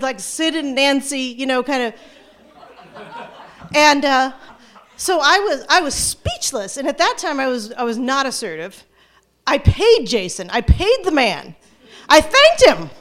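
A middle-aged woman telling a personal story to an audience, animated and self-mocking, often restarting her sentences. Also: sits high. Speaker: storyteller, former teacher.

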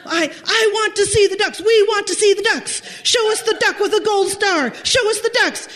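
A woman voicing an angry man who shouts accusations while she tells a story. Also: high voice, animated, unhurried, voice pushed up. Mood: furious.

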